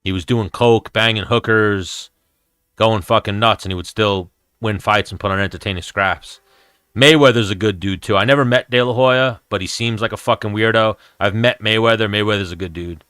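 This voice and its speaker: New guy in his 30s, cussing and rambling on an mma stream, bright crisp voice, dry close sound. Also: lowish voice, fairly even intonation, moderate pace, no room sound. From New York, USA. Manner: blunt, profane, rambling. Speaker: MMA show host answering chat. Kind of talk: casual live-stream chat.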